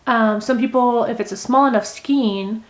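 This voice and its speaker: A young woman talks through a craft project in a loose, rambling way, full of little fillers and asides. Her voice sits a touch high, and her tone stays gentle and easygoing. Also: normal speed. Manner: rambling, gentle, thinks aloud with many fillers. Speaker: crochet vlogger. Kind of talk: casual how-to chat while unraveling knitting.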